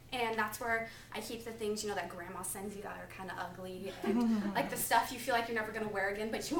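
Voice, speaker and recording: A preaching student in her twenties gives a topical sermon in a classroom, sharing personal stories in a chatty, animated style packed with "like." Her voice is fairly high, and the echoey recording comes from a distant mic with slight hiss or hum.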